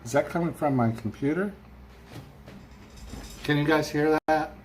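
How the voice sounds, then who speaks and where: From a room at home with a fan running, a man with a fairly high voice hosts a casual live stream, rambling and chatting as he reads viewer comments aloud. He speaks at a measured pace, with slight background noise.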